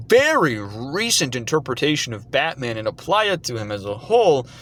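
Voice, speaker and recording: A man's voice: mid-range voice, fairly bright tone, a little hiss or hum. A man delivering an indignant, sarcastic commentary rant. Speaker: commentary vlogger. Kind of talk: ranting commentary.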